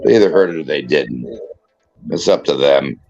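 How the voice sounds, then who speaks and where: A tipsy, tearful man pleading and apologizing in a halting, repetitive way on a livestream. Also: very deep voice, gravelly, a little mellow, dull audio. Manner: halting, repeats himself, pleading. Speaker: livestream panel guest.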